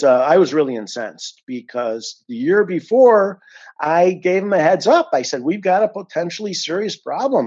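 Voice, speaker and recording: A man's voice: a little high, a little mellow, muffled recording. A man giving an indignant, emphatic account of a complaint as an unhappy client, stressing and repeating his points. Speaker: dissatisfied client giving a review.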